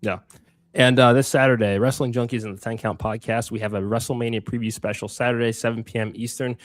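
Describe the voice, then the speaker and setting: A man's voice: mid-range voice, fairly even intonation, fast talker. A man co-hosting a wrestling podcast, chatting casually and energetically with lots of fillers and the odd swear word. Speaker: podcast co-host.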